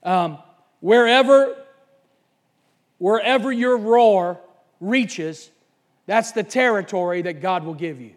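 A man preaching a fervent sermon, swinging from shouted lines to low asides. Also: takes it slowly, pauses often. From Covington, Kentucky, USA. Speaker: pastor.

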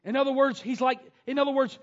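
A male pastor preaching a sermon, swinging from loud shouted bursts and whoops to quieter teaching. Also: very high voice, fairly even intonation, quick pace. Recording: dull lo-fi sound.

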